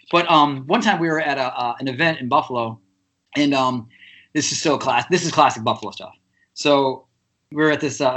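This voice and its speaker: Animated man telling a story, lots of fillers. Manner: animated, many fillers, jumps high in pitch when indignant. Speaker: podcast guest, musician. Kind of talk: casual storytelling.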